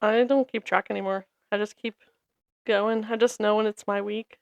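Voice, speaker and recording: A woman's voice: mid-range voice, steady tone, moderate pace, vocal fry. A woman co-hosting a podcast, speaking in a laid-back, wry, casual way. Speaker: podcast co-host.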